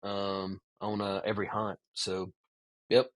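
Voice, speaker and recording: Animated man telling a story. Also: on the low side, slow. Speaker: guest. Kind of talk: casual storytelling interview.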